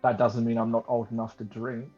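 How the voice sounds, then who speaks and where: A man's voice: medium pitch, flat delivery, brisk. A man playing a tabletop game, speaking wryly as a player. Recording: dull sound with faint music.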